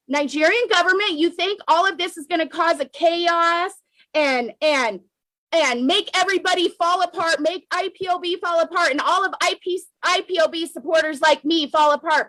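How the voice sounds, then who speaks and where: A woman's voice: very high-pitched, normal speed, pushed and bright, dry recording, poor audio. An American woman speaking in an emotional, fiery political monologue, hammering her points home by repeating them. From United States. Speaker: political commentator. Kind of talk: impassioned political monologue to camera.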